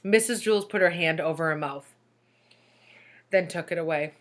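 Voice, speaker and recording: A woman reading a children's book aloud with lively storytelling. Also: on the low side, normal speed. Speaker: reader.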